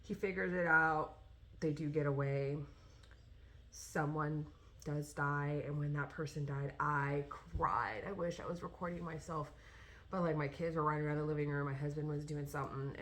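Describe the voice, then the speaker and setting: Low-voiced woman chatting about books. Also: fairly even intonation, normal speed, a bit bright. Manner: rambling, with many fillers and restarts. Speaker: vlogger talking about books. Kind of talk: casual chat.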